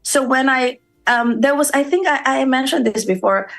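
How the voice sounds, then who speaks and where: A woman's voice: sits high, normal speed, creaky, fairly bright tone, faint music behind. Filipino woman telling stories on air. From Philippines. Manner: storytelling, acts out quoted voices, mixes in Tagalog. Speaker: radio show guest. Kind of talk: conversational radio interview.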